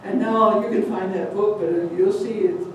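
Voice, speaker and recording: Older woman, live storyteller, animated, chatty, mixes in Spanish words, distant mic, big echoey hall. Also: medium pitch, normal speed, muffled recording, a little hiss or hum.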